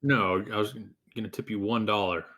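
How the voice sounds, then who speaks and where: Man, low-ish voice, casual, pushy, repeats words, tabletop player. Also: moderate pace, pushed and bright. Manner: pushy, haggling, repeats himself. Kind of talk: casual tabletop role-play.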